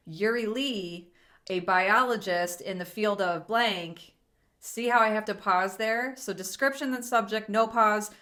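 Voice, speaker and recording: A woman's voice: mid-range voice, bright, forceful tone. A young woman teaching a casual test prep lesson, chatty and encouraging, with fillers and self-corrections.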